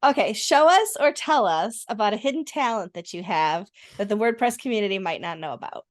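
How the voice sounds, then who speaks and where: A woman hosting a podcast, encouraging her guest and quick to laugh. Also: mid-range voice, animated, no echo, studio quality. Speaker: podcast host. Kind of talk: casual interview chat.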